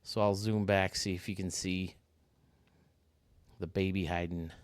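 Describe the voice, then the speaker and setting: A man's voice: deep voice, measured pace, dry recording. A man giving casual, chatty gameplay commentary, talking to his viewers as he tours a built stadium. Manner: chatty, excitable, talks to viewers. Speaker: video game stadium reviewer.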